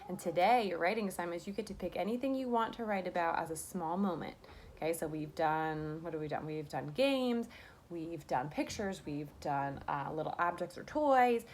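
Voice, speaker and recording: A young woman gives a remote lesson to kindergarteners from home, sing-song and encouraging, asking lots of rhetorical questions. Her lowish voice has a darkish tone and a normal speed. Recorded on a camera mic, it carries slight background noise.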